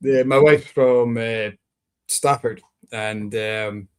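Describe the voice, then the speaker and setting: Easygoing host on a video call. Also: male voice, medium pitch, fairly even intonation, slow, smooth. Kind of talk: casual chat on a video call.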